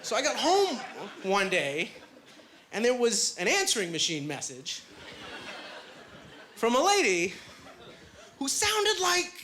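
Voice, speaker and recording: A man's voice: very high-pitched, wildly swooping pitch, slow pace, long pauses, noisy background. A man in his thirties from Canada doing a stand-up comedy set, telling chatty, self-deprecating stories full of fillers. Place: comedy club stage with a live audience. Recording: live club recording with loud crowd laughter.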